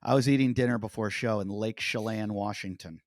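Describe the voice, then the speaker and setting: A man's voice: fairly low pitch, a little fast, dry recording, studio quality. A man hosting a podcast, telling a story in casual chat and acting out what each person said. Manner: animated storyteller, acting out quotes. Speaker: comedian and podcast host.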